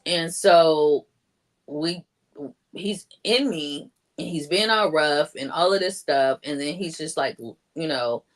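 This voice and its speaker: A woman's voice: sits low, takes it slowly. A woman telling her own story as a guest, chatty, with many "like" fillers, raising her voice when she acts out what others said. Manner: chatty, acts out quoted lines in a raised voice; heavy use of "like" fillers. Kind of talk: personal storytelling.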